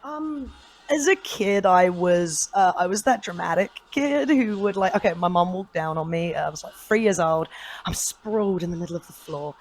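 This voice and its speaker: A woman's voice: fairly low pitch, expressive, moderate pace, rough recording. A woman with an English accent, a voice actor chatting in a casual convention interview, bubbly and laughing often. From England. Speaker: voice actor guest.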